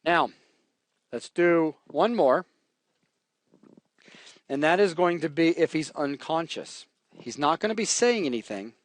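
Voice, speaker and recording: A man teaching programming in a relaxed, jokey way while he types, walking through code on a live stream. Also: a little high, unhurried, pauses often. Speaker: programming instructor. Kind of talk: live coding tutorial.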